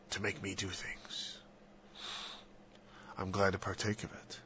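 A man talking earnestly about faith in a rambling, halting casual discussion, sometimes dropping to a soft whisper. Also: deep voice, completely flat delivery, slight background noise. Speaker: Christian speaker. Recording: dull lo-fi dry recording.

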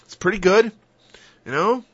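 A man's voice: high voice, lively intonation, moderate pace, breathy edge, pitched above the performer's own voice. A man voicing a smug, careless male sinner in a mocking, sing-song way. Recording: dull lo-fi dry recording.

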